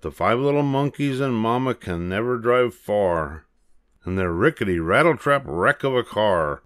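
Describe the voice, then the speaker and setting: Slow, lively older man reading aloud. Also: fairly low pitch, no room sound, clean studio sound. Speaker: storybook reader. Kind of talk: children's read-aloud.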